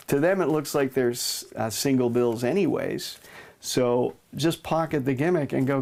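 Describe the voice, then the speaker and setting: Gravelly man explaining a magic trick. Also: normal speed. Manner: relaxed, explanatory, punctuates with "boom". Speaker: magic instructor. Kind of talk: demonstrating and explaining a card trick.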